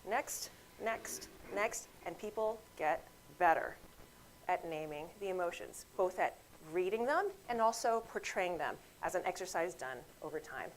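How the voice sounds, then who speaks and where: A woman's voice: fairly low pitch, a little slow, slight background noise, low-quality recording. A woman physician giving a grand rounds lecture, telling clinic stories and speaking straight to her audience. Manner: lively storytelling, acts out quoted voices; addresses audience directly.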